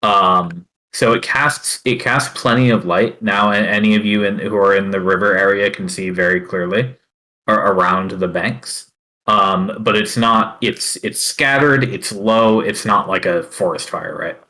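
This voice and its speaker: A man running a tabletop game as dungeon master, narrating slowly and carefully, with many fillers between phrases. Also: on the low side, sharp tone, rough recording.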